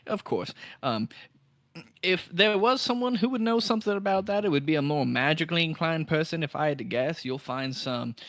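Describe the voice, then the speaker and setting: Guy doing a chatty shopkeeper man, weapons seller, haggles and banters, bright voice, dry close sound. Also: a little high, animated, moderate pace, dry recording, pitched above the performer's own voice.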